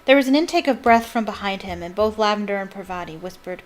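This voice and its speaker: A woman reading a novel aloud as a devoted fan. She stops now and then for enthusiastic, chatty asides. Her voice sits at a medium pitch. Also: animated, fast talker, poor audio.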